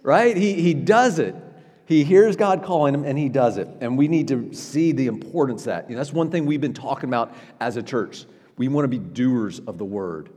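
A man preaching as a pastor in a church, talking in a conversational way with frequent "right?" asides and quick restarts. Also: mid-range voice, expressive, darkish tone, in a large hall. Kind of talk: sermon. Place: church sanctuary.

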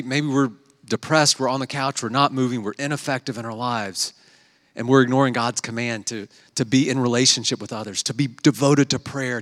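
Long hall reverb carries the medium-pitched, fairly bright voice of a young adult man preaching as pastor. He keeps things conversational, telling stories and acting out the quotes within them.

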